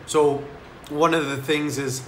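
Man, vlogger, bright voice, relaxed rambling delivery, roomy recording with faint ambience. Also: on the high side, unhurried, slight background noise. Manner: laid-back, rambling, lots of "like". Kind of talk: casual storytelling vlog.

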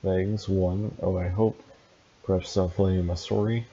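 A man's voice: deep voice, unhurried, husky, dull audio. A man reading a story aloud for laughs, breaking in with dry, sarcastic asides. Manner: deadpan, dryly mocking. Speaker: reader and commentator.

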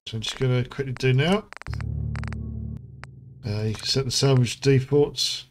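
A man's voice: medium pitch, a little slow, slight background noise. A man, hosting a casual gameplay commentary, chatty and rambling, with lots of fillers and asides. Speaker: gaming channel host. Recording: music playing underneath.

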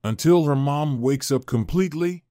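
A man's voice: fairly high pitch, moderate pace, dark tone, no room sound, studio quality, voice pushed up, close to an everyday voice. A man voicing a polite, concerned young man who is helping a lost girl, in an earnest, courteous tone.

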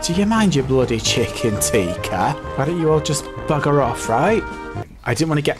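A young woman giving let's play commentary, excitable and given to swearing, jumping between squeals and low mutters. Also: moderate pace. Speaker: gaming YouTuber. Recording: game music playing behind.

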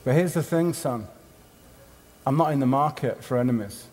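A man's voice: mid-range voice, moderate pace, a little mellow, slight background noise. A man giving a conference sermon, emphatic and rhythmic, in short punchy phrases. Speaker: conference speaker. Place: conference hall. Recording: long hall reverb.

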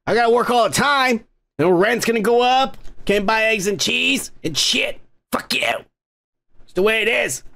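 Gravelly, irritable podcast host man. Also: sits high, fairly bright tone. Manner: grumbling, irritable, cursing constantly. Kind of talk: profane ranting monologue.

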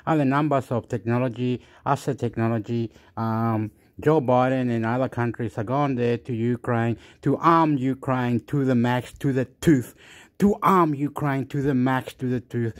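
A man's voice: medium pitch, moderate pace. A man delivering a rambling, repetitive rant with crude outbursts and chanted phrases. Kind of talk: rambling ranting monologue.

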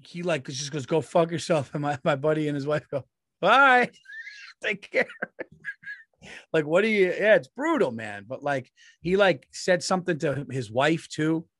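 A man with a slightly high voice, recorded dry and close on a comedy podcast. He tells relaxed, profane stories about his neighbors in loose chat. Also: moderate pace, no echo. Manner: laid-back, profane anecdote-telling. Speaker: podcast co-host.

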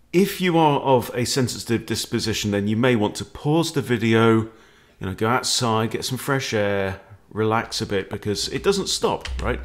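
A man's voice: lowish voice, normal speed. A man, a chess coach walking through openings in a playful, jokey way. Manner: playful, animated, jokey with exclamations. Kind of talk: chess lesson walkthrough.

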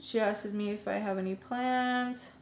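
A woman's voice: medium pitch, steady tone, measured pace, roomy sound, slight background noise. A young woman telling an emotional personal story in a casual, earnest way, filling her talk with lots of "like"s. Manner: chatty, filler-heavy with many "like"s.

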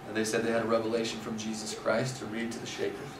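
A man's voice: medium pitch, completely flat delivery, fairly quick, few pauses. A man teaching a scripture class, telling the history in a conversational way with many fillers. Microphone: far from speaker. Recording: roomy, distant, noisy room.

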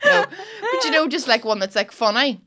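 A woman's voice: high-pitched, huge pitch swings, a little fast, pushed and bright. A young woman with a Northern Irish accent hosting a podcast in casual chat, teasing, sweary and often laughing. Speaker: podcast host.

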